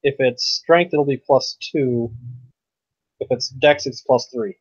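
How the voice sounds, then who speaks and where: A man's voice: mid-range voice, slow, no room sound. A man playing a tabletop game, talking casually and joking around. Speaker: player. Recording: dry, lo-fi recording.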